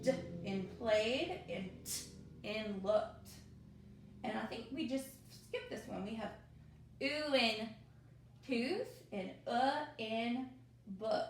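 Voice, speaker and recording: A woman teacher, leading young children through a phonics review with slow, drawn-out drills and cheerful asides, recorded at home. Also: on the high side, slight background noise. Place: home, at her mother's desk. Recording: echoey room.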